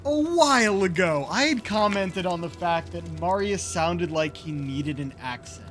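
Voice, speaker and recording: A man's voice: sits high, animated, a little slow, fairly bright tone. A man streaming a video game, musing and joking casually as he plays. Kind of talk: casual gaming commentary. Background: game music.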